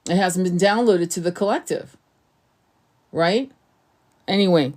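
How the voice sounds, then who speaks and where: A woman's voice: lowish voice, unhurried, long pauses, a little mellow. A woman talking to her viewers as a spiritual coach and tarot reader, earnest and rambling, often repeating words as she restarts her sentences. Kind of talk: casual spiritual teaching monologue.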